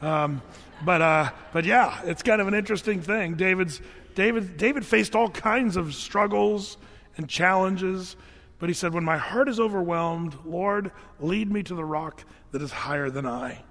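A man's voice: high voice, unhurried, a bit bright, big-room sound. A middle-aged man preaching a sermon in a conversational way, with casual fillers and restarts. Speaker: pastor.

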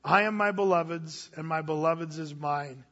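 High-voiced man preaching in a reverberant hall. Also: moderate pace, bright, forceful tone. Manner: conversational, folksy, with asides and restarts. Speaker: pastor. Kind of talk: sermon. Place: church hall. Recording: dull audio with long reverb in a church hall.

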